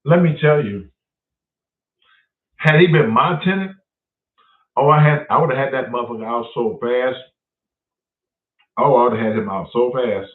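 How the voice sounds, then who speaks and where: A man's voice: mid-range voice, measured pace, pauses often. A man hosting a casual live stream, telling stories with a lot of swearing and chatting to viewers by name. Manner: profane, storytelling, reads out chat names. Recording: roomy, distant, phone-like audio.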